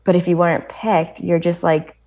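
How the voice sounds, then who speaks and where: An American woman guest on a podcast, telling a story with animated energy and a stream of "like" fillers, laughing often. Her voice sits somewhat low for a woman. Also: normal speed. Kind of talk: casual chat.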